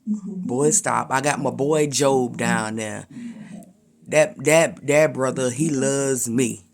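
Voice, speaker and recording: A man's voice: mid-range voice, slow pace. A man voicing God as an easygoing father figure who speaks in casual slang but sets firm limits. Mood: dismissive. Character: easygoing fatherly God, proud of his servant.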